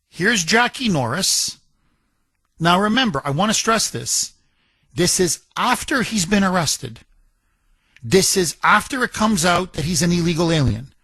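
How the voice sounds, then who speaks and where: High, bright-voiced indignant radio host. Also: male voice, husky, no echo. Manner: emphatic, indignant, repeats phrases and stumbles on words. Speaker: radio talk show host. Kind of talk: opinionated talk radio monologue.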